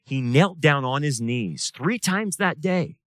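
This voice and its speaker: Preacher guy, fired up then going quiet, voice jumps all over, kinda high. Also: expressive, takes it slowly, dry recording, studio quality. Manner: impassioned, swings from loud to hushed. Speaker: pastor. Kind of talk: sermon. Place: church.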